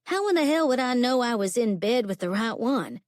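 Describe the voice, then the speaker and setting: A woman voicing a brash young barmaid who cracks jokes in a loud, lively way. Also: on the high side, moderate pace, voice pushed up, close to an everyday voice. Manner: brash, wisecracking.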